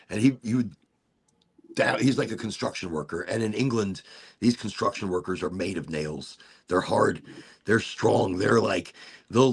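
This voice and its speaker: A man's voice: on the low side, lively intonation, unhurried, creaky, slightly rough. A man hosting a casual chat, telling a story with lots of swearing and putting on mock British voices for the people he quotes. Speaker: host.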